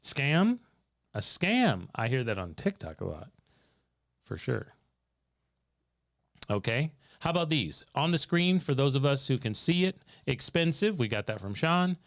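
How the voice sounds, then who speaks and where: A man with a mid-range, creaky voice speaks in a sing-song way at a measured pace, leaving long pauses. He's hosting a live financial Q&A in a studio, telling a story, reading viewers' chat comments aloud, and quizzing his co-host.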